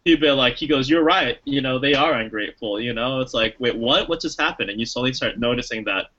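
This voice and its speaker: A man's voice: mid-range voice, a little fast, pushed and bright, lo-fi sound. A man chatting casually about a movie as a podcast co-host, rambling with lots of restarts and fillers and acting out lines he quotes. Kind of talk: casual movie review chat.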